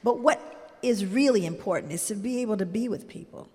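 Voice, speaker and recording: A woman's voice: medium pitch, a little fast, mellow. An older woman, a grandmother, telling stories in an earnest, heartfelt way, full of "you know" asides. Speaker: guest. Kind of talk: reflective storytelling in conversation. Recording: long hall reverb.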